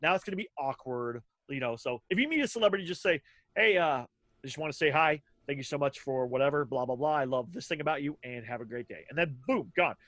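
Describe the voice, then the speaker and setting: A man's voice: mid-range voice, animated, quick pace, fairly bright tone, dry recording. A man in his thirties co-hosting a podcast, telling casual stories in a rambling way with lots of fillers and acted-out quotes. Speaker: podcast co-host. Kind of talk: casual storytelling chat.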